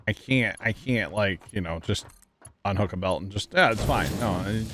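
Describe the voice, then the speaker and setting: A man with a lowish voice talks loosely to his stream chat while he plays, rambling and quick to laugh. A faint hum sits under his voice. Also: fairly bright tone. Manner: chatty, rambling, thanks viewers and laughs easily. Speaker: livestreamer. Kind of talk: casual gaming livestream chat.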